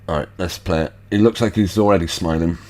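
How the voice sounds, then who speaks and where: A man's voice: low-pitched, fairly even intonation, quick pace, darkish tone, slight background noise. A man hosting an online show, making skeptical, rambling remarks over video clips. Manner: skeptical, rambling asides with fillers. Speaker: host.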